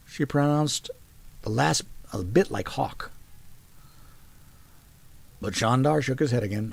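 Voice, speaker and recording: A man reading a fantasy story aloud in an expressive narrating voice. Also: on the low side, a little slow, creaky, pauses often, breathy edge. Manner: expressive, varied delivery.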